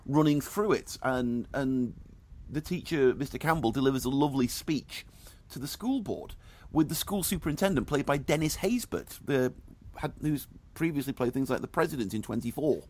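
A man's voice: medium pitch, moderate pace, darkish tone. A middle-aged man, giving dry, sardonic film and music reviews in casual radio chat.

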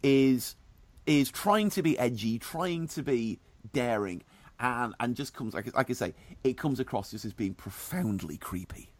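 A man's voice: mid-range voice, expressive, a little slow, dry recording. A middle-aged man, giving dry, sardonic film and music reviews in casual radio chat.

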